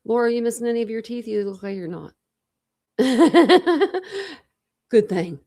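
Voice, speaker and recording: A woman's voice: fairly high pitch, sing-song, measured pace, mellow. A young woman hosting a casual live stream, rambling and chatting with viewers, restarting her sentences. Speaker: true crime channel host.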